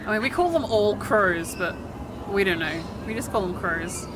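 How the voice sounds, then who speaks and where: An Australian woman reacts on a live stream, her pitch bouncing all over as she exclaims and swears freely. She drifts into rambling anecdotes. A steady noisy hiss sits under her voice. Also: normal speed. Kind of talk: casual reaction commentary.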